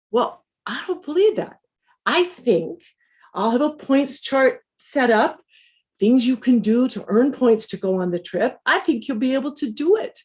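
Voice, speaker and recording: A woman, once a teacher, telling a personal story in a conversational, measured way with dry humor. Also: fairly high pitch, sing-song, darkish tone.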